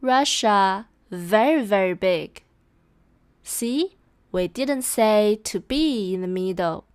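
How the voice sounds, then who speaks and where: Woman teacher going through a lesson super slowly, repeats every phrase, smooth clear voice, dry recording. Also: medium pitch, expressive, darkish tone, dry recording. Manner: slow, careful explaining with model phrases repeated. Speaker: language teacher. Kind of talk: scripted language lesson.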